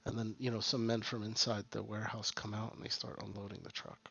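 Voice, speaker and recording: A man's voice: lowish voice, level tone, fast talker, creaky, bright, forceful tone, breathy edge, dull audio. A man narrating as game master of a tabletop game, in a rambling, filler-heavy way.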